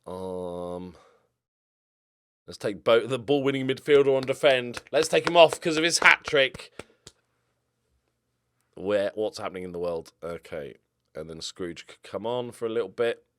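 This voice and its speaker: A young man giving casual gameplay commentary, excitable, swinging from mumbled asides to loud outbursts. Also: fairly low pitch, unhurried, long pauses, slight background noise. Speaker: gaming YouTuber.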